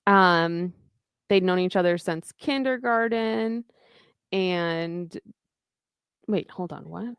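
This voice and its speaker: A woman's voice: fairly low pitch, slow, pauses often, clean tone, no room sound, studio quality. A woman co-hosting a podcast, casually recapping a novel's scenes and reading out bits of dialogue. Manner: retells scenes, voicing lines of dialogue. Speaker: podcast co-host. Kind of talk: casual book recap chat.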